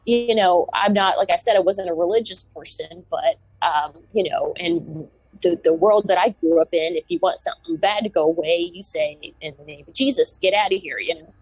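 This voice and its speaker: A Southern American woman, a podcast guest, recounting a personal encounter in an animated way, with many restarts. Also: on the low side, moderate pace, slightly rough, no echo, poor audio.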